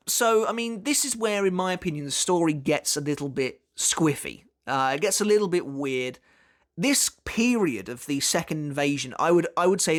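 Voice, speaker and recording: A man casually talking through an anime character analysis for his video channel, chatting along with plenty of fillers and restarts. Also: on the high side. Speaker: anime commentary YouTuber.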